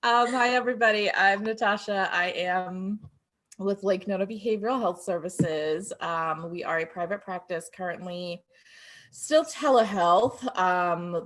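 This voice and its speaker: A woman therapist giving a relaxed, chatty introduction on a video call, with many pauses and ums. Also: on the low side.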